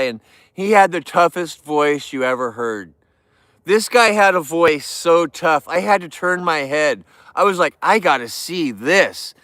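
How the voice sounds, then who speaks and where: A man's voice: on the high side, sharp tone, clean tone, no room sound, studio quality. A man hosting a casual livestream, chatting and joking in a goofy, youthful-sounding voice. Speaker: livestream host.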